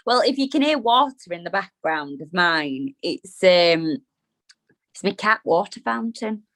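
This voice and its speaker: A woman's voice: on the low side, expressive, unhurried, a bit bright. A young woman with a British accent, a bubbly radio interview guest speaking with a freshly fitted dental brace. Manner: bubbly, laughs often. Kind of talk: casual interview chat.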